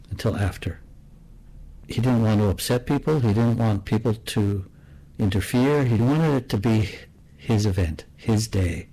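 A man with a lowish voice tells a personal story. His delivery is soft, reflective and unhurried in feeling, and he keeps it low-key throughout. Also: low-quality recording.

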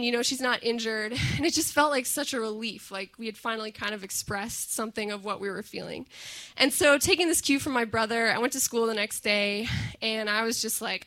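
Woman in her 30s telling a story, kinda high and bright, acts out every quote. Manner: animated, acts out quoted voices. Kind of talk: personal storytelling to an audience.

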